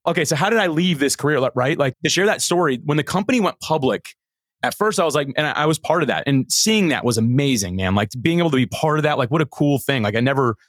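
A middle-aged man, a podcast guest, telling a story in an animated, earnest way with many restarts. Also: a little high, fast, no echo. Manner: animated, earnest, frequent repeated starts. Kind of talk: conversational storytelling.

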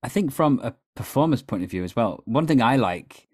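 A man hosting an improv podcast, talking in a relaxed, reflective way. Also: mid-range voice, brisk, breathy edge. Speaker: podcast host. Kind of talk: casual podcast chat.

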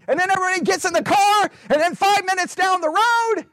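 A man preaching an animated sermon, full of rhetorical questions and acted-out voices of churchgoers. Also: very high-pitched, quick pace, hardly any pauses, dry recording.

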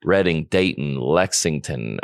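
A man's voice: rumbling low, expressive, vocal fry, no echo. A man in his thirties hosting a podcast in a studio, joking and bantering in a loose, playful way. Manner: joking, playful, quick back-and-forth. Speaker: podcast host.

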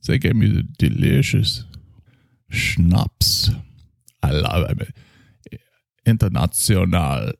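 A man voicing a pompous, tipsy male German psychoanalyst with a put-on German accent, slow and grandiose in his boasting. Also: low-pitched, expressive, vocal fry, dry recording, studio quality, full character voice. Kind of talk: improvised comedy character.

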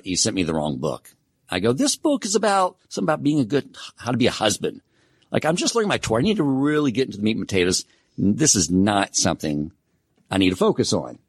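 A man with a deep, low voice gives a relaxed Torah class. He tells personal stories with self-deprecating humor. The sound is close and dry, with no room echo. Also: slightly rough. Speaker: Torah teacher. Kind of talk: casual Torah class lecture.

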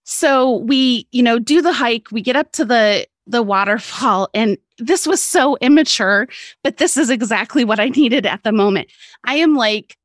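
A woman's voice: fairly high pitch, moderate pace, dry recording, studio quality. A woman guest on a podcast telling a personal story in a candid, casual way, swearing freely and laughing often.

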